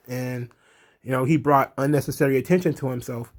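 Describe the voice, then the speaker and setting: A man's voice: mid-range voice, fairly even intonation, a little fast. Rambling, exasperated vlogging man. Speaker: wrestling commentary vlogger. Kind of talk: casual recap and commentary.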